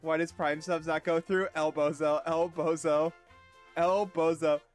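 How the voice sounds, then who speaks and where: Faint music plays behind a man whose voice sits a little high and stays level in tone. Streaming a game, he jokes at his own expense, swears casually and keeps throwing short asides to his chat.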